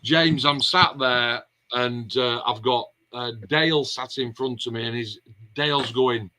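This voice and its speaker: A man's voice: mid-range voice, measured pace, sharp tone, rough recording. A man hosting a casual vlog chat, telling long rambling anecdotes. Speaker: vlog host.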